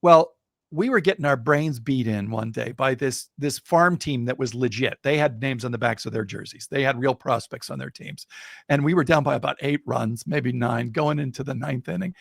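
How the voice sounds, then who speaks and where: A middle-aged man, a guest in a casual interview, telling an anecdote in an animated way and building suspense. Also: mid-range voice, vocal fry, no echo, studio quality. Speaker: guest storyteller.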